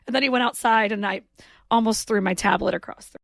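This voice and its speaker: A woman's voice: medium pitch, steady tone, fast talker, gravelly, fairly bright tone, dry recording, studio quality. A woman from the American South co-hosting a podcast, chatting emphatically about a film and repeating her points. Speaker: podcast co-host. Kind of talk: casual film discussion.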